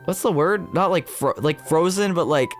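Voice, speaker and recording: A man's voice: on the high side, normal speed, soft background music. A young man streaming as a VTuber, chatting casually and rambling with lots of fillers as he tells stories. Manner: rambling, full of fillers, animated storytelling.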